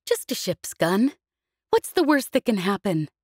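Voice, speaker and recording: Woman narrator doing a brash, cocky pilot heroine in an audiobook, teasing and urgent, higher and louder than the narration. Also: very animated, a little slow, no echo, studio quality.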